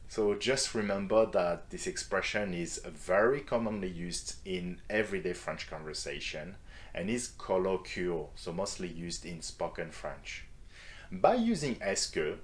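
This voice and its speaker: Brief: male French teacher, deep voice, reading examples and then translating them. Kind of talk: scripted grammar lesson.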